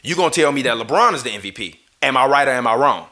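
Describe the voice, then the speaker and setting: A man's voice: medium pitch, expressive, fast, pushed and bright. A man hosting a live basketball stream, ranting heatedly with swearing and arguing with viewers, apologizing over audio trouble with his mixer. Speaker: basketball podcast host. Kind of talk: live-stream sports rant. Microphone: streaming through a mixer.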